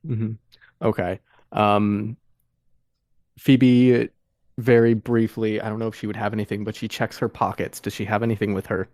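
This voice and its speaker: A man playing a tabletop game, talking hesitantly with many pauses and restarts. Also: lowish voice, flat delivery, a little mellow, dry recording, studio quality. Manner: hesitant, full of ums and restarts. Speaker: player.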